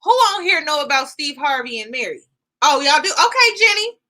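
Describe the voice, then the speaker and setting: A woman hosting a live reaction stream, chatting casually and giving shout-outs to her viewers. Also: sits high, big pitch swings, fairly quick. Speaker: YouTube host reacting live.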